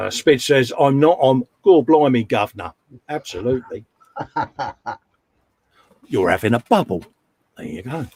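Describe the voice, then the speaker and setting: A man's voice: medium pitch, creaky, no room sound. A man co-hosting a live stream, casually chatting and reading out viewer messages with a jokey, laughing manner.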